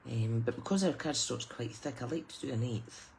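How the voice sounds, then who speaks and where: A woman's voice: rumbling low, moderate pace, creaky, a little mellow. A middle-aged woman with a British accent talks through a papercraft project step by step. Her tone is chatty and soothing, like someone reading at story time, with a faint hum of noise behind her. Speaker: papercraft demonstrator. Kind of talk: live crafting tutorial.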